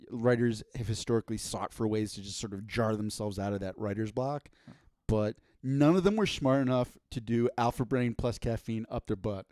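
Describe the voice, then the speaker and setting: Dude cohosting a podcast, rambly and jokey, keeps restarting, dry mic no room. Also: male voice, mid-range voice, darkish tone, dry recording. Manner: rambling, joking, many restarts. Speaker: podcast co-host. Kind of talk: casual comedic chat.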